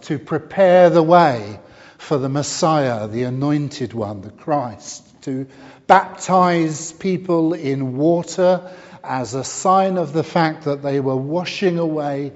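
Slow-paced preacher in an echoing church. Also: male voice, medium pitch. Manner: warm storytelling with frequent fillers and restarts. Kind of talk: sermon. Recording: dull sound with long hall reverb.

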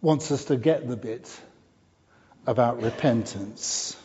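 A middle-aged man delivers a sermon at an unhurried pace, often restarting phrases and filling pauses. His voice carries through a large church with a long reverb tail. The recording sounds somewhat dull and muffled. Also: medium pitch. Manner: warm storytelling with frequent fillers and restarts. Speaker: preacher.

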